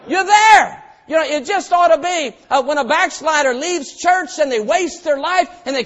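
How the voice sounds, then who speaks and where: A man preaching a sermon as pastor, telling stories and swinging from quiet asides to loud shouted lines. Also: extremely high pitch, expressive, normal speed. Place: church auditorium. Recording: dull sound with long hall reverb.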